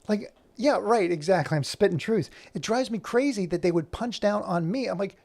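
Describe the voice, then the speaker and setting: A man's voice: high voice, lively intonation, fairly quick, warm tone. A man ranting in casual chat while he works on animation, heated and rambling, swearing freely as he talks. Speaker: animator and streamer.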